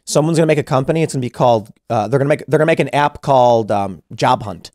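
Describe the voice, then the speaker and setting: A man's voice: mid-range voice, fast, darkish tone, no echo. A man hosting a podcast, talking casually and animatedly, acting out imagined dialogue with many restarts, close to a studio mic. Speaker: podcast host.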